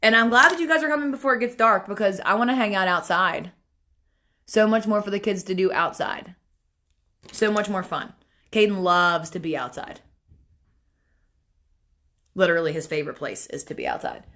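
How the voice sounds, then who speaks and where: A woman's voice: medium pitch, normal speed, pauses often, pushed and bright. A young woman chatting casually through a makeup tutorial on a phone livestream, talking to viewers and family as she works. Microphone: phone camera.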